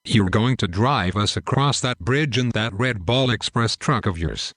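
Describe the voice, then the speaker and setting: A man's voice: fairly low pitch, unhurried, fairly bright tone, husky, dry recording, clean studio sound. A man voicing a crude, mocking male soldier with a Southern US accent in a war story.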